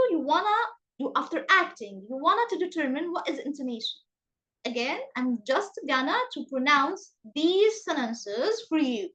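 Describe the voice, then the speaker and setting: A high-voiced woman with an Egyptian accent teaches English over a video call. She takes her time and stresses each word. Her pitch swings widely as she models questions and statements. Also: fairly bright tone, poor audio. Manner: slow, emphatic, exaggerated rising and falling pitch. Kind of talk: online class teaching.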